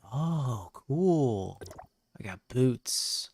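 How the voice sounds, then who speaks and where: A man streaming a game late at night, talking to himself in a relaxed, muttering way and sounding sleepy. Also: mid-range voice, takes it slowly, creaky. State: sleepy, yawning. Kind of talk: casual gameplay commentary.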